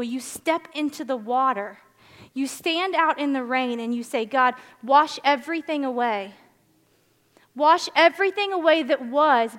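Lady preacher, high voice, tells stories big and animated, long church reverb. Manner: storytelling, animated, swings to loud excited peaks. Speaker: pastor. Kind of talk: sermon with personal story. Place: church sanctuary.

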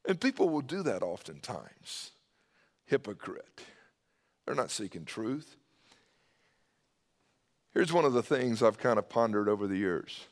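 A man preaching a sermon, swinging his pitch and loudness and dropping to a hushed voice when he quotes. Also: very animated, a little slow, long pauses. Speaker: pastor.

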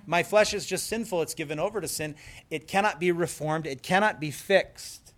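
A male pastor preaching with earnest emphasis, leaning into key words and slowing for effect. His voice sits a little higher than most men's. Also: a bit bright. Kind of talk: sermon.

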